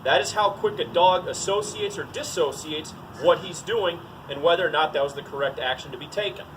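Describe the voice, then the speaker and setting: A man's voice: a little high, brisk, distant mic, background noise. A man teaching dog training in a casual, to-the-point way, often saying "all right" between steps. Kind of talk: casual outdoor training demo.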